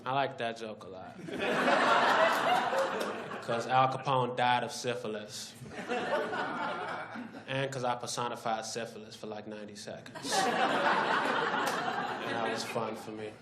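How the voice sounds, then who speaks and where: A male stand-up comedian in a comedy club, animated as he acts out characters. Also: medium pitch, unhurried, pauses often. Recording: echoey club, loud crowd noise.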